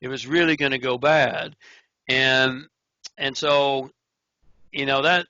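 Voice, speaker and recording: American guy on a call acting out his story, punchy bright tone, kinda muffled audio. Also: mid-range voice, slow pace, dry recording. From United States. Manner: animated storyteller, acts out dialogue. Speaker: interview guest. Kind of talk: recounting prison stories in an interview. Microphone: video call. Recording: dull, lo-fi remote call audio.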